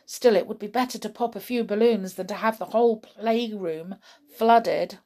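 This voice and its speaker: A woman voicing an excitable toy bear in a children's storybook reading. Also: mid-range voice, normal speed, natural voice. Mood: musing. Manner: exclamatory, fussing.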